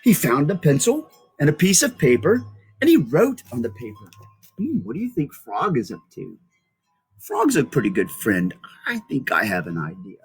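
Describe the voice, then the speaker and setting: A middle-aged man reading a children's picture book aloud, pausing to ask listeners to look at the pictures. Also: medium pitch, wildly swooping pitch, husky, faint music behind. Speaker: storybook reader.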